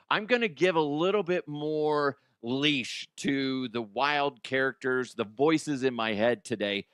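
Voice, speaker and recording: A man's voice: medium pitch, a bit bright, no echo, clean studio sound. A man hosting a comedy podcast, rambling loosely and laughing between bits. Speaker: podcast host. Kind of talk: casual comedy monologue.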